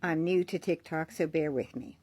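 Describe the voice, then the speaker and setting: A woman's voice: low voice, moderate pace, darkish tone, slightly rough, no echo. A woman talking casually to her viewers, explaining with fillers and frequent check-ins. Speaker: social media creator.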